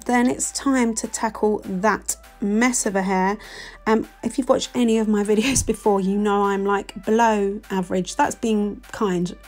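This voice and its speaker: A woman's voice: medium pitch, steady tone, unhurried, a little mellow. A woman in her forties with a London accent, talking through a makeup tutorial as a voice-over in a chatty, self-deprecating, gushing way. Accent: London English. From England. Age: 40s. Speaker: beauty vlogger. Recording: faint music underneath.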